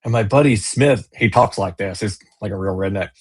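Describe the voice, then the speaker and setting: Husky, lower-voiced male guest, casual and rambling, on a video call. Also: brisk. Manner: rambling storyteller with many fillers and restarts. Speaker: business owner and kayak angler, guest. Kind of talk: casual interview chat.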